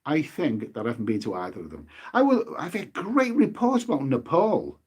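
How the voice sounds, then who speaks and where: A man's voice: on the high side, huge pitch swings, moderate pace, a little mellow, breathy edge. Rambling man chatting on a live stream. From United Kingdom. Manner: rambling, repeats words and phrases, many fillers. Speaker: travel vlogger hosting a live stream. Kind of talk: casual live-stream chat.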